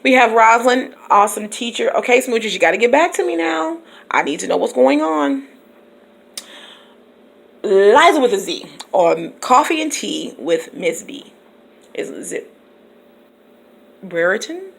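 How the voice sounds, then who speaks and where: A woman's voice: fairly high pitch, lively intonation, moderate pace, creaky. A woman teacher chatting casually in her own vlog, laughing often and talking to her viewers by name. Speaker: teacher and YouTube vlogger. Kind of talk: casual vlog chat to subscribers.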